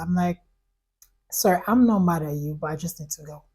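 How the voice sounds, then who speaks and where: A young woman vlogger telling an animated, exasperated storytime, quoting everyone in the story and saying "like" often. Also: lowish voice, moderate pace, breathy edge, low-quality recording. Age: young adult. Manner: animated, exasperated storytelling with quoted dialogue and frequent "like". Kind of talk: storytime vlog.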